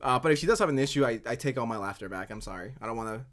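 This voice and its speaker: A woman reacting on stream in loose, casual talk. She swears freely and keeps breaking into giggles. Her pitch jumps up and down with energy. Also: lively intonation, rapid-fire.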